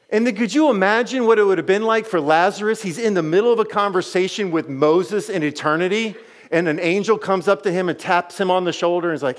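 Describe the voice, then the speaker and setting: Animated storytelling male pastor. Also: high-pitched, fast. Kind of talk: sermon.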